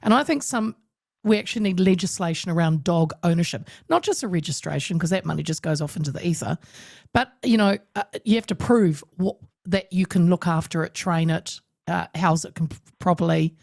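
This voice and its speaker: A woman's voice: on the low side, a little fast, creaky, dry recording, studio quality. A woman hosting a talk show interview, talking emphatically with lots of restarts. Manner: emphatic, animated, with many restarts. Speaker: radio talk show host. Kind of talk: casual interview chat.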